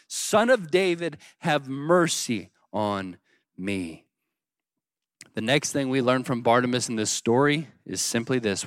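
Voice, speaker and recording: A man preaching a sermon, swinging between loud pleading cries and quiet, hushed lines as he acts out the story. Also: a little high, no room sound, studio quality. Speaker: pastor.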